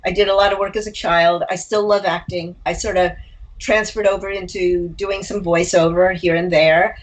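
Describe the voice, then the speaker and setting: A woman's voice: lowish voice, fairly even intonation, moderate pace, poor audio. An older woman from Los Angeles, an author and guest, chatting casually and laughing often, with a frog in her throat. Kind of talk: casual interview chat.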